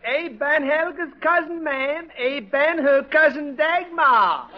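A maid with a mock Swedish-Southern drawl. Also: male voice, very high-pitched, slow, pitched above the performer's own voice. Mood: sly. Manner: broken comic grammar, sly. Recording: dull old TV soundtrack with noise.

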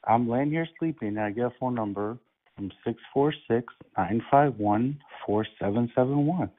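A man making a prank call, calmly feigning innocence and mocking the other side. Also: mid-range voice, normal speed. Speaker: prank caller. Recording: tinny phone line.

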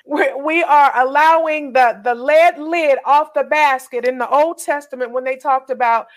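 A high-voiced woman responds in an emphatic, preacher-like manner, pressing her listeners to act. Her tone is encouraging and insistent. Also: moderate pace. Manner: emphatic and exhorting. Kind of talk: encouraging preaching-style reflection.

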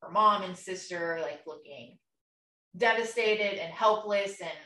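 A woman's voice: mid-range voice, unhurried, pushed and bright. A young woman co-hosting a podcast, retelling an emotional story in casual chat with lots of fillers and acted-out quotes. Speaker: podcast co-host. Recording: echoey room, voice a bit far from mic.

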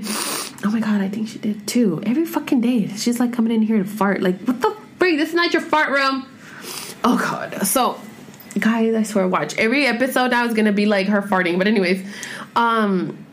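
A woman's voice: medium pitch, slight background noise. Swearing, rambling woman in her thirties. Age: 30s. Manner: rambling, expressive, heavy swearing and filler words. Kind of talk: casual chat. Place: home room with pets.

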